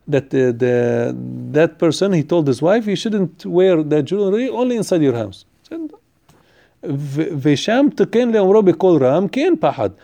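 A man gives a Torah class at a brisk clip. His voice sits a little high and sounds dark and mellow. He rattles off Hebrew sources in a quick chant, then slows down to explain them in English, stumbling over fillers and restarts. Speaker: Torah teacher.

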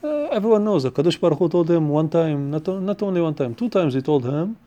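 A man teaching a Torah class on the weekly portion. His voice sits a little high but sounds dark and mellow, and he rushes through his explanations. His English stops and restarts often, broken up by quickly chanted Hebrew quotes. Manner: non-native English with frequent restarts.

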